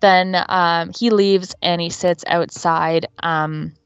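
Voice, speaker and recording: A woman's voice: lowish voice, steady tone, takes it slowly, smooth, dry recording, lo-fi sound. A woman co-hosting a podcast, giving a casual, chatty recap full of fillers like "um" and "you know". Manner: chatty, filler-heavy retelling. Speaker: podcast co-host.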